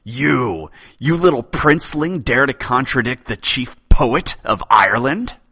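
A man voicing an aging, hot-tempered male chief poet with a thin, raspy voice, booming and imperious. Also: expressive, slow pace, sharp tone, no room sound, studio quality, heavily acted. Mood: furious.

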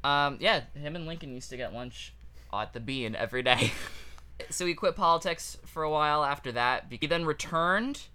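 Bright-voiced man telling history jokingly. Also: medium pitch. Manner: jokey, loose, laughs at his own lines. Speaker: podcast co-host. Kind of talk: casual history storytelling.

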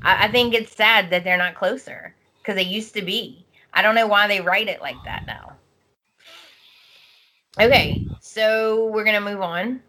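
A woman's voice: mid-range voice, pushed and bright, slight background noise. A young adult woman co-hosting a podcast, chatting casually and acting out lines as she recaps. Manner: slow, chatty, acts out lines in changing voices. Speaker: podcast co-host. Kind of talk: casual chat recapping a soap opera.

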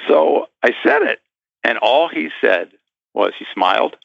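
A man's voice: mid-range voice, expressive, unhurried, vocal fry, a bit bright, no echo, lo-fi sound. A man guest in an interview, telling a story with animation and acting out the voices of the people in it.

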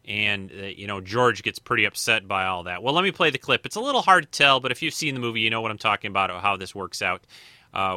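A man's voice: on the low side, bright, forceful tone, no echo. A man hosting a casual film commentary, rambling along with many fillers and restarts. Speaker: podcast host.

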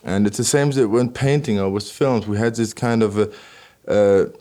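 A man being interviewed about his work as an electronic musician, answering in halting non-native English with constant "you know" fillers and many restarts. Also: fairly low pitch, steady tone, mellow.

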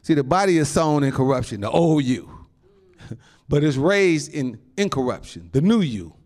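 A male pastor preaching a sermon in an animated, folksy way, laughing often and calling out to the congregation. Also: fairly high pitch, moderate pace. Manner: folksy informal phrasing.

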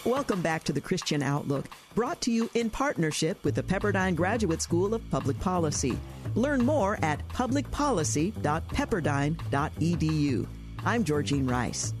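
A woman hosting a radio talk show, introducing a topic and a guest in a clear, composed presenter delivery. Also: on the low side, lively intonation, moderate pace, music in the background. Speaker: radio host.

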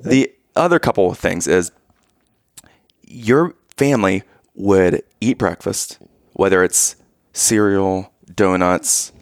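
Creaky-voiced man telling a lively story. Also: deep voice, takes it slowly, no room sound, clean studio sound. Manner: animated storyteller, acts out quoted voices. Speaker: podcast co-host telling a family story. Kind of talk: casual storytelling chat.

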